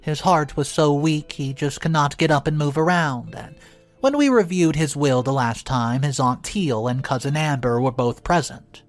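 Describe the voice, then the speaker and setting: A woman telling a first-person story aloud, expressive, her voice jumping up for quoted lines. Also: low-pitched, normal speed, faint music behind.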